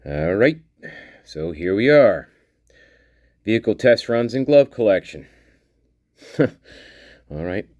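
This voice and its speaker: A man hosting a channel and commenting casually on documents, rambling, repeating himself and addressing his viewers warmly. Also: on the low side, sing-song, takes it slowly, pauses often, no echo, muffled recording. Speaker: channel host.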